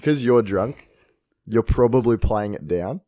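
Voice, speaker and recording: A young man co-hosting a podcast in a playful, casual way, quick to laugh and riff on the story. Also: fairly low pitch, expressive, dark tone, no room sound. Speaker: podcast co-host. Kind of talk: casual chat.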